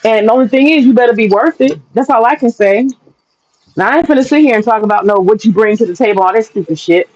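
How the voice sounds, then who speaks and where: A woman's voice: on the high side, quick pace, a little mellow, muffled recording. A woman talking frankly and casually to camera, swearing freely and laughing often. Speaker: vlogger. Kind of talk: casual opinion monologue.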